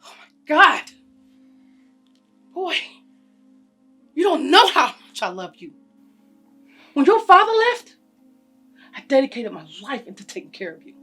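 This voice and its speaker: A woman's voice: mid-range voice, expressive, quick pace, few pauses, husky, soft background music. An actress playing a bitter, hurt mother of a grown son in a family therapy scene. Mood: anguished. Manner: bitter, rising to furious shouting. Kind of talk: web series drama acting.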